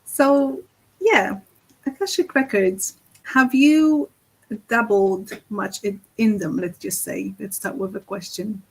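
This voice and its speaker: A woman's voice: medium pitch, slow, gravelly, slightly rough, rough recording. Female podcast host and spiritual healer, casual and hesitant, full of restarts. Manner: hesitant, many fillers and restarts.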